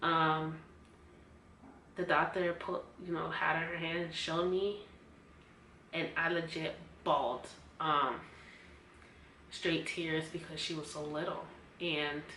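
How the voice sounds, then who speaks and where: A woman telling a personal story in a vlog, animated and acting out what others said, at times close to tears. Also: sits low, slow, pauses often. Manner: emotional, near tears. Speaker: vlogger. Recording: echoey room with faint noise.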